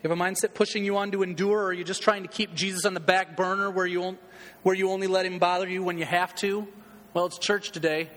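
A man's voice: sits high, little pitch movement, quick pace, a bit bright, in a large hall. A man preaching a sermon as pastor in a church, urging his listeners earnestly and repeating his calls to action.

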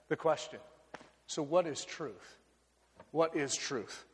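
High-voiced American man preaching in a hall. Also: expressive, slow, slightly rough. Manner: earnest, repeats phrases for emphasis. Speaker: pastor. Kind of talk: sermon.

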